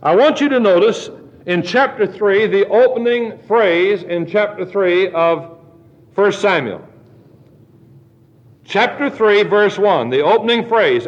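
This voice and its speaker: A man preaching a sermon, reading scripture aloud slowly and deliberately. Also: sits high, expressive. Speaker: pastor. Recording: dull lo-fi sermon recording.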